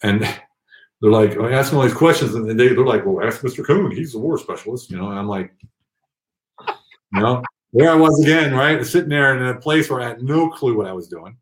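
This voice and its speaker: A middle-aged man telling his story at home in a casual, animated way, often laughing and acting out other people's voices. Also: medium pitch, moderate pace. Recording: echoey room.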